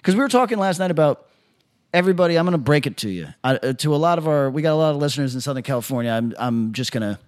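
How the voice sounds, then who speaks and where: A man's voice: on the high side, expressive, rapid-fire. A man co-hosting a podcast, talking in brash, profane, joking banter. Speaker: podcast co-host. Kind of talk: casual crude podcast banter.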